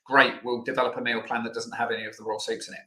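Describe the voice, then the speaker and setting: A man's voice: medium pitch, little pitch movement, very fast, sharp tone, echoey room. A man hosting a live online Q&A lesson, chatty and loose, with plenty of fillers. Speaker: health educator host.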